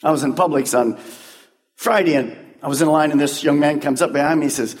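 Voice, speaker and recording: This male pastor has a fairly high voice and a brisk delivery. He preaches a sermon to his congregation in a large church sanctuary, emphatic and conversational, packed with rhetorical questions, and the hall's long reverb trails every line.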